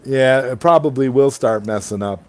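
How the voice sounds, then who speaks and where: Man, stream host, casual late-night chat, reads comments aloud, rambling, enthusiastic, mid-pitched voice. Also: moderate pace, noisy background. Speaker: livestream host. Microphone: online streaming call.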